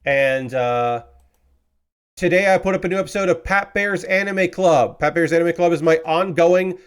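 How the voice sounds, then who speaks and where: Frustrated male streamer, rambling chat with fillers, voice a touch high. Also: normal speed, smooth. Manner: rambling, with many fillers and swearing. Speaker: streamer building model kits. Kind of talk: casual live-stream chat.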